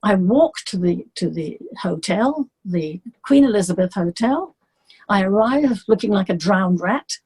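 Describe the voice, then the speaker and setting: An older English woman, a singer being interviewed, telling stories in a lively way and acting out the people she quotes. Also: medium pitch, unhurried, husky. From England. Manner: animated storyteller, acts out the people she quotes. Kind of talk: casual storytelling.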